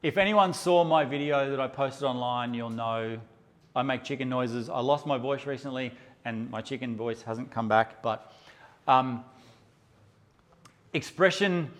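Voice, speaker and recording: A photography workshop presenter teaches a live session in a mid-range voice at a moderate pace. He's brash with the audience, cracking jokes and swearing freely.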